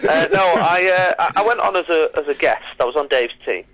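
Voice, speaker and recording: A man telling stories as a radio interview guest, quick and self-mocking. His voice sits slightly high and sounds bright and forward. The sound is close and dry, with almost no room around it. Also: expressive, no room sound, low-quality recording. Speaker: comedian guest. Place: radio studio.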